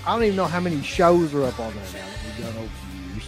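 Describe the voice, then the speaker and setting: A man's voice: medium pitch, big pitch swings, quick pace, few pauses, soft background music. Sarcastic man co-hosting a livestream. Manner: sarcastic, profane, joking. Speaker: co-host of a horror movie livestream. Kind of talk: casual chat.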